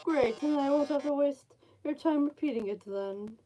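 A woman voicing a flamboyant robot TV star in a lowered voice, with drawn-out melodramatic delivery. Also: warm tone, a little hiss or hum, lightly acted, rough recording.

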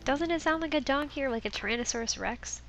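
A woman talks through a game in a loose, sarcastic way, swearing as she goes. Her voice has a gravelly rasp and she sounds sniffly. Game music plays clearly underneath her. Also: high-pitched, fast, low-quality recording. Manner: sarcastic, swears freely, reads game dialogue aloud. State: sniffly from allergies. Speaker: let's play gamer. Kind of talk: casual game commentary.

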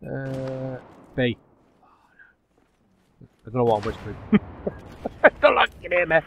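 A man giving live commentary over his own online shooter match, dropping to low muttering and then yelping loudly when the action heats up. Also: a little fast, vocal fry, slight background noise. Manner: excitable, swings from low muttering to loud yelps. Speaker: gaming YouTuber.

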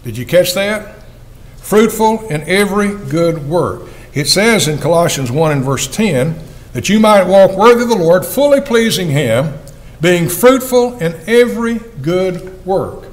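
A man's voice: sits high, lively intonation, measured pace, poor audio. An older man, an evangelist, preaching a sermon in an earnest, folksy way and asking his listeners questions.

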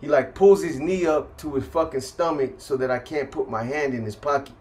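A man telling a rough story in casual, profane street slang, reenacting the people in it as he goes. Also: on the high side, brisk, hardly any pauses, a little mellow, faint music behind. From California. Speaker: storyteller recounting prison life.

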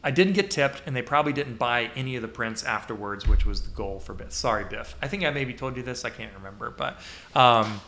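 A man hosts a casual podcast chat with a bright, forceful voice. He tells animated stories and mimics the people he quotes. His voice rings out in an echoey room. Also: mid-range voice, a little fast. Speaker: podcast host.

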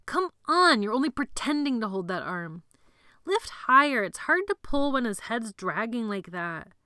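A woman voicing an impatient teenage boy shouting orders in a high voice. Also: big pitch swings, a little slow, clean tone, dry recording, clean studio sound, heavily acted. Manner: shouting, bossy.

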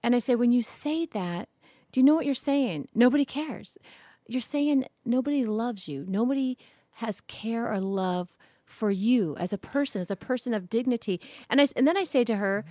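A mother co-hosting a talk about parenting, chatty and quick to laugh. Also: on the high side, animated, dark tone, no echo, studio quality. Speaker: podcast co-host, mother. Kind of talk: casual conversation on parenting.

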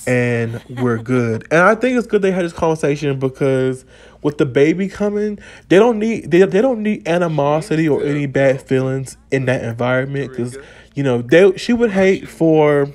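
A man narrates his life-simulation game in a relaxed, chatty way, telling it like a story. His voice sits a bit high for a man. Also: normal speed. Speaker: gaming channel host. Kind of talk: casual gameplay narration.

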